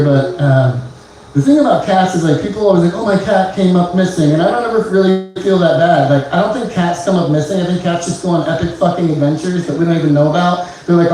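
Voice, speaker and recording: A male stand-up comedian with a slightly high voice works through his set in halting bursts, stumbling over "uh" and restarting lines. He is caught from a distance on a small club stage, and the room echoes heavily around him, with faint noise behind. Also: mellow. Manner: halting, many "uh" fillers and restarts.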